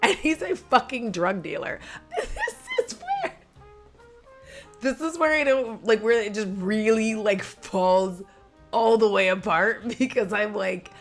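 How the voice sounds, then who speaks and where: A woman recapping a film in a casual chat, animated and chatty, acting out lines and laughing as she goes. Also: medium pitch, unhurried, soft background music. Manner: acts out characters' lines and sound effects.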